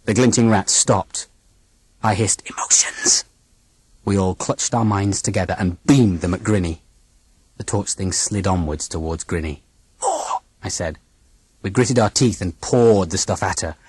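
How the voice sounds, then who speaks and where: An audiobook narrator telling a first-person story in a dramatic, expressive reading. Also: deep voice, normal speed, husky, dry recording.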